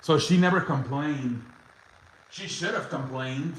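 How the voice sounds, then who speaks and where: A man's voice: on the high side, unhurried, a bit bright, a little hiss or hum, rough recording. A young man telling a story as a podcast host, casual and chatty, laughing often and swearing, with lots of "like" fillers.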